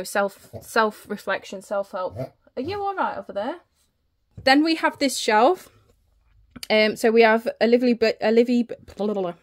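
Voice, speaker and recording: A woman giving a casual home library tour, out of breath and chatty, often stumbling over her words while holding the camera. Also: a little high. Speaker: book vlogger. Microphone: handheld camera.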